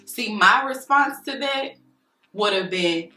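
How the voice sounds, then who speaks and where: A woman's voice: mid-range voice, lively intonation, slow pace, bright, forceful tone. A woman vlogger telling a story while doing her makeup, venting in a heated, profane, emphatic way. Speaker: beauty vlogger. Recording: roomy room with faint music.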